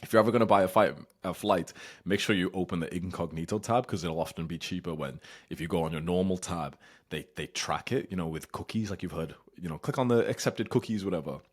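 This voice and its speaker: A man's voice: low-pitched, fast talker. A young man giving blunt, casual advice as host, swearing freely and now and then acting out whiny, childish voices.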